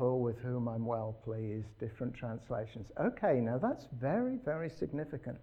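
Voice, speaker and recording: A man's voice: medium pitch, moderate pace, few pauses, dark tone, muffled recording. A man preaching a sermon in an earnest, emphatic way, putting rhetorical questions to his listeners.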